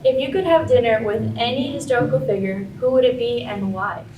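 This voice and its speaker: A woman off camera asking short, plain interview questions in a brisk manner. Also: on the high side, mellow, far from the mic, a little hiss or hum, low-quality recording.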